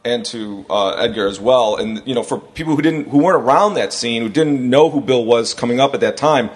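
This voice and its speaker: A man's voice: mid-range voice, fairly quick. A man hosting a podcast, telling stories in a loose, rambling way and acting out the people he quotes. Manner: rambling, animated storyteller who acts out quotes. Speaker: podcast host. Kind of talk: casual chat, storytelling.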